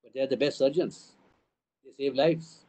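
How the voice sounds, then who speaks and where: A man's voice: medium pitch, steady tone, moderate pace, warm tone. An older man with an Indian English accent giving a town hall address to parents as a school trust's chief, emphatic, building points through repeated phrases and rhetorical questions.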